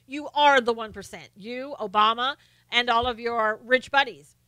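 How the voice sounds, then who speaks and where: A woman's voice: fairly high pitch, normal speed, bright, forceful tone, smooth, no room sound. A woman hosting a casual live stream, chatting and laughing as she reads viewer comments aloud. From Southern United States.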